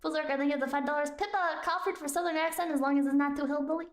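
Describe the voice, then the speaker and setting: Woman host, casual stream chat, high and bouncy, playful and giggly, roomy echo. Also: fairly even intonation, racing.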